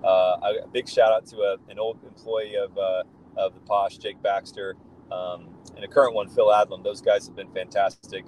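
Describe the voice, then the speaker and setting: A man's voice: lowish voice, flat delivery, moderate pace, darkish tone, a little hiss or hum, low-quality recording. A man speaking as a podcast guest, telling rambling, enthusiastic stories full of fillers and restarts. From United States. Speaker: guest, football fan. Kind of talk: casual podcast chat.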